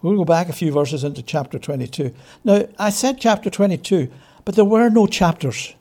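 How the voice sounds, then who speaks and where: A man teaching scripture as a preacher, with a mellow, somewhat high voice. He stretches words slowly to stress them. He fires off rhetorical questions and answers them himself. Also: expressive. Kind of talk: expository Bible teaching.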